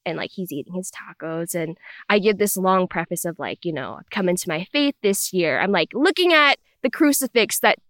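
Brief: young adult woman, podcast guest, animated storyteller, dry close recording. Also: lowish voice, normal speed, no room sound. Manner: animated, acts out her parents' voices in quotes. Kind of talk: storytelling conversation.

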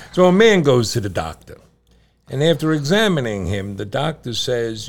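A middle-aged father co-hosting a casual show, an animated storyteller who laughs often. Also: mid-range voice, moderate pace, creaky. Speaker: podcast co-host and father. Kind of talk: casual chat and joke telling.

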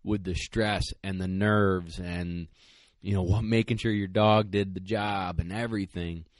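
A man's voice: sits low, steady tone, unhurried, no room sound, clean studio sound. A man hosting a casual chat, telling stories with laughs along the way. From northern United States. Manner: storytelling, laughs as he talks. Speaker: podcast host.

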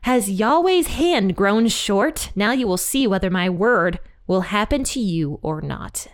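A woman's voice: medium pitch, expressive, unhurried, close to an everyday voice. A woman voicing a snarky, sarcastic all-powerful male deity, close to her everyday voice.

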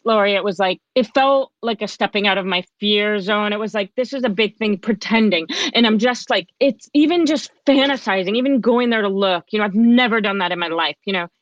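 A middle-aged woman tells a personal story as a podcast guest, animated and chatty, slipping into other people's lines as she goes. Her voice sits at an ordinary pitch. The sound is dry and a little dull, like a lo-fi recording. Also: dry recording. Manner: animated, chatty, acts out quoted dialogue. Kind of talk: conversational storytelling.

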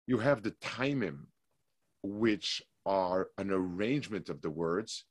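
This is a man with a low voice giving a weekly Torah lecture. He explains at a measured pace, stopping to restart his thoughts, then reads Hebrew passages quickly. The recording is dry and close, with no room echo. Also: expressive, slightly rough. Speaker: Torah class teacher.

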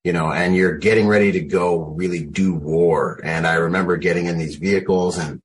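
A man in his forties, a Marine combat veteran and interview guest, telling animated war stories on a video call from home and dropping "man" and "you know" throughout. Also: low-pitched, moderate pace, a little hiss or hum. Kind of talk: casual storytelling on a video call.

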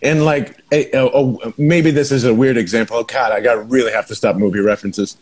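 A man's voice: mid-range voice, fairly even intonation, a little fast, breathy edge. Jokey man podcast host in his thirties. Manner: laughs often, jokey, pop culture references. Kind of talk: casual podcast chat.

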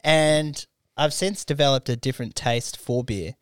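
A young Australian man co-hosting a casual podcast, telling animated stories. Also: medium pitch, moderate pace, clean tone, no room sound, studio quality. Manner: animated storyteller, slips into mimicked voices. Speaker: podcast co-host.

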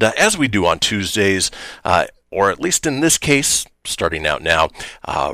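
Lively upbeat male radio host. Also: lowish voice, no room sound, studio quality. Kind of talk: casual radio banter.

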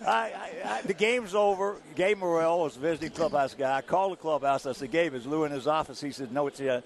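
An older man, a former ballplayer, telling stories as an interview guest in an animated, chuckling way. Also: a little high, brisk, few pauses. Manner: animated storyteller, chuckling through anecdotes. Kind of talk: anecdotal interview storytelling.

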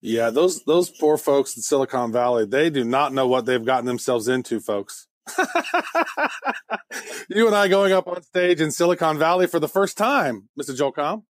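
Homme blagueur à la voix assez aiguë. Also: male voice, on the high side, lively intonation, moderate pace, no room sound, clean studio sound. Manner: jokey, playful. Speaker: podcast co-host. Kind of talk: casual podcast chat.

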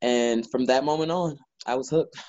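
A man's voice: medium pitch, normal speed, lo-fi sound, slight background noise. A man, a wrestler guest, telling stories in a casual interview with lots of filler words. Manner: animated storyteller, lots of "like" fillers.

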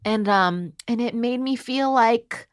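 A woman's voice: fairly high pitch, takes it slowly, dry recording, studio quality. A woman hosting a podcast, talking in an impassioned, rambling way with many fillers and some swearing. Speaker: podcast host. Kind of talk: casual discussion. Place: New York.

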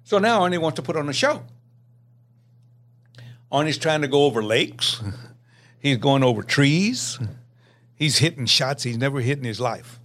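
A man in his eighties, a podcast guest telling stories in a lively way, laughing often and acting out the dialogue. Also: a little high, a little slow, long pauses. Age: 80s. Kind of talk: anecdotal storytelling.

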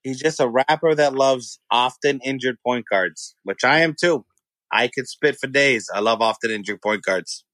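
A man co-hosting a casual sports talk show, excitable and quick to jump in. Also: no room sound. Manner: excitable, swings up in pitch. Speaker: podcast co-host.

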